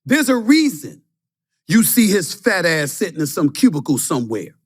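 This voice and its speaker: A man's voice: high-pitched, very animated, normal speed, slight background noise. A man giving heated, emphatic on-air sports commentary. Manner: fiery, emphatic, declamatory.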